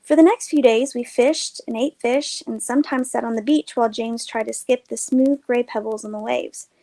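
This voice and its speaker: Woman narrating a story, light voice. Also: fairly high pitch. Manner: measured, expressive reading. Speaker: storyteller, host.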